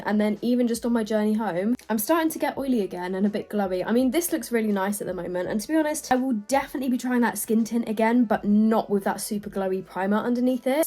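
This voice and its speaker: A woman's voice: fairly high pitch, darkish tone. A young British woman, a beauty vlogger, chatting casually as she tries out makeup, with gushing little asides. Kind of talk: casual makeup testing vlog.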